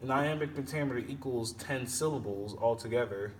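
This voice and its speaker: A man teaching poetry meter, explaining slowly with pauses and self-corrections. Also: mid-range voice. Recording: distant mic with faint background noise.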